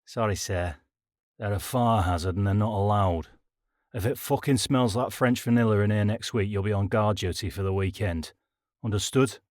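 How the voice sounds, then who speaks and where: A man's voice: on the low side, moderate pace, a little mellow, dry recording, studio quality, natural voice. A man voicing a stern male army sergeant major whose voice is cold, clipped and resonant. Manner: gruff barking.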